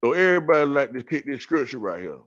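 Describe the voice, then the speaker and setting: A podcast guest tells a story about scripture in a casual, profane, streetwise way, growing animated and repeating himself. He has a mid-range voice and a quick pace, and the recording sounds dull and lo-fi.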